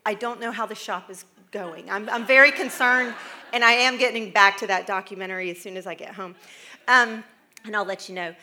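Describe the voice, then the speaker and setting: In front of a live crowd, a middle-aged woman from the US delivers a humorous, chatty talk, rambling off on asides and laughing a lot. Her voice is fairly high, pushed and bright.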